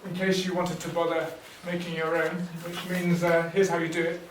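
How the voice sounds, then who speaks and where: A man leading a teacher workshop, explaining teaching ideas in a relaxed way with fillers and restarts. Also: on the high side, moderate pace, a little hiss or hum. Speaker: workshop trainer. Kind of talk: teacher training talk. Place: workshop room. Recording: echoey room, distant mic.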